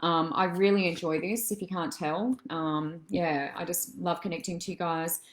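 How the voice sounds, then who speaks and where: Chatty woman giving live psychic readings, lowish voice. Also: steady tone, normal speed. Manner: affectionate, calls viewers darling and love; chatty and meandering, many soft fillers. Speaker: psychic medium and healer.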